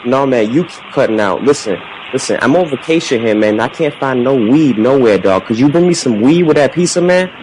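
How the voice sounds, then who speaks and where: A man plays a crude, pushy tourist who drawls in street slang on a prank call. The voice sits at an ordinary middle pitch over a noisy line. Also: lively intonation, fairly quick, hardly any pauses, lightly acted. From United States. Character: brash male American tourist, pushy and crude.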